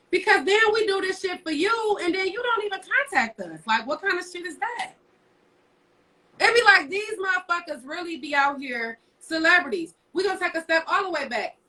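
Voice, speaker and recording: A woman's voice: very high voice, pushed and bright, far from the mic, poor audio. A woman co-hosting a casual live stream, telling stories in a blunt, profane rant. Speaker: co-host. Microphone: phone livestream.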